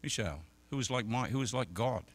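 A middle-aged man preaching a sermon as an evangelist, telling stories and swinging from quiet talk to loud shouted peaks. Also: medium pitch, expressive, fairly quick, slightly rough. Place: church service.

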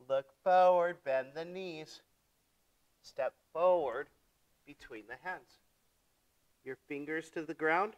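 A man teaching a yoga class, giving gentle step-by-step cues for breath and poses, playful with his young students. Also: fairly high pitch, no room sound, low-quality recording. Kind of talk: guided yoga class instruction.

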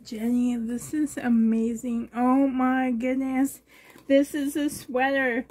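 Opening a gift on camera, a vlogger who collects reborn dolls gushes in breathy exclamations, sounding emotional and a bit shaky, though her delivery is flat. She speaks very slowly in a high yet mellow voice.

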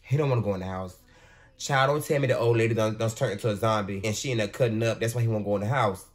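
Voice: mid-range voice, fast talker, slight background noise. A reaction video host in casual commentary, exclaiming and talking back at the screen.

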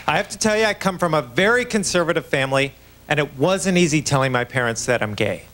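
A man from Buffalo, New York, doing a stand-up comedy set on a TV stage, with a lively, punchy delivery and quick voiced impressions of his family. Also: a little high. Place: comedy club stage on a TV show with a live audience. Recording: loud audience laughter and noise.

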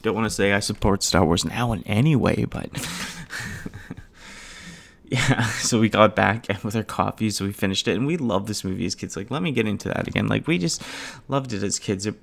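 A man's voice: fairly low pitch, a little fast, vocal fry. A man hosting his own podcast, casually retelling and reviewing an old film, with many fillers, frequent laughs and a rambling flow. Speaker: podcast host. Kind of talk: casual movie review chat.

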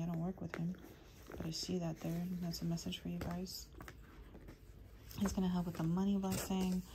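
A woman giving a channeled tarot reading to her viewers, speaking low and hushed, sometimes slipping into a whisper, rambling through lists of names. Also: noisy background. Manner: rambling, listing names as they come. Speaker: tarot reader.

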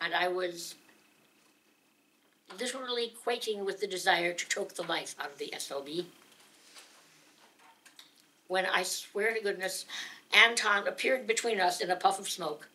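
A woman telling a humorous story live at a gathering, dramatic and lively, laughing along as she goes. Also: on the low side, unhurried, long pauses. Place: gathering of singers, indoors.

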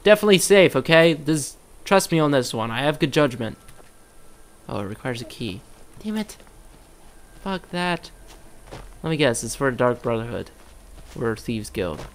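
A man talking through his gameplay in a loose, joking way, swearing freely and jumping to loud yelps when monsters appear. His voice sits at an ordinary middle pitch. A faint hum of noise runs underneath. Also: lively intonation, a little slow, pauses often. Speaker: gaming commentator. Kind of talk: casual let's-play commentary.

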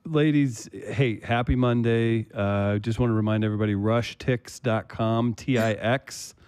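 A man on a livestream giving relaxed, friendly announcements and chatting with the hosts. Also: medium pitch, a little slow, clear, resonant tone, no room sound. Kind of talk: casual announcements.

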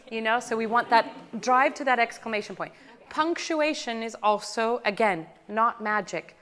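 A woman coaching a singer in a master class, animated and breaking into sung demonstrations. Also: a little high, long reverb tail. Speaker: voice teacher.

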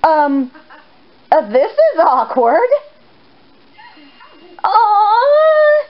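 A woman giving excited, gushing commentary while playing a video game, often squealing out exclamations. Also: high-pitched, slow. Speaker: let's play gamer. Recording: slightly dull sound with game music.

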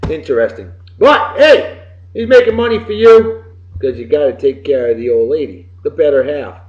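Man, fairly high voice, boisterous and folksy, roomy dull recording. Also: animated, normal speed. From Massachusetts. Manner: boisterous and folksy, swinging loud and soft. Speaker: podcast host. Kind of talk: casual birthday shout-outs.

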